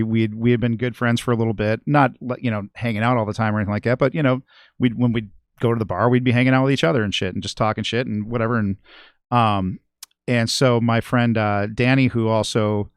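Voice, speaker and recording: A man's voice: mid-range voice, fairly even intonation, brisk, clean tone, no room sound, studio quality. A middle-aged man telling a long story on a podcast, rambling and swearing constantly. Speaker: guest musician and regular.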